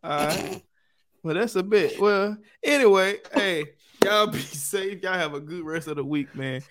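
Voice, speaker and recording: A man, co-hosting a casual podcast. His voice sits a little high for a man. He is playful and slangy, and he laughs often as he tells stories. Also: animated, measured pace, a bit bright. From Mississippi, USA. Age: 20s. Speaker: podcast co-host. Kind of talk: casual chat.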